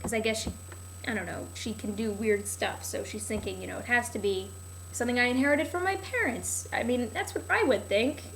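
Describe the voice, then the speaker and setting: A woman's voice: on the high side, brisk, a bit bright, a little hiss or hum. A young woman vlogging a casual, rambling recap of a TV show, sarcastic and full of "like", often losing her place.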